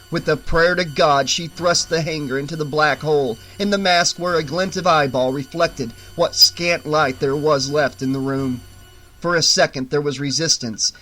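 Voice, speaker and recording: A man narrating a horror audiobook in a measured, suspenseful way, slowing down for the tense moments. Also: on the high side, a bit bright, poor audio.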